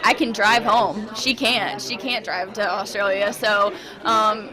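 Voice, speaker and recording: A woman's voice: mid-range voice, fairly even intonation, unhurried, music in the background. A young woman, a college basketball player, speaking earnestly and with determination. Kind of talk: interview soundbite. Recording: loud crowd noise in a large hall.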